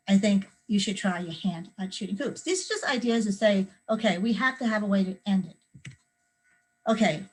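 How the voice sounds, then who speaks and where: A woman's voice: medium pitch, low-quality recording. A middle-aged woman, a children's author, leading a young writers' workshop and acting out scenes with sound effects to show how to add detail. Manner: lively, acts out scenes with sound effects and screams. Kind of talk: teaching kids creative writing.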